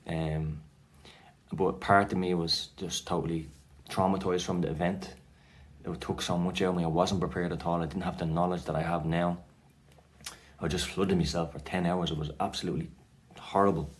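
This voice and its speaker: A low, steady-toned male voice at normal speed belongs to an Irish vlogger recounting his anxiety. He speaks casually to camera, rambling and restarting often, his speech full of fillers.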